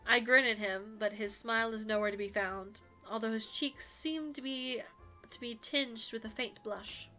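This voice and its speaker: A woman's voice: fairly high pitch, sharp tone, faint music behind. A woman streamer reading a dating game aloud with playful, chatty asides. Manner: playful, quick asides with laughter.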